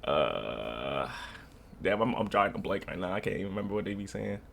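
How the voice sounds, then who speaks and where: A man's voice: sits low, big pitch swings, brisk, vocal fry, fairly bright tone, slight background noise. A young man from North Carolina rambling in slangy casual reaction commentary. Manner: rambling, slangy, laughing storyteller. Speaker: reaction streamer.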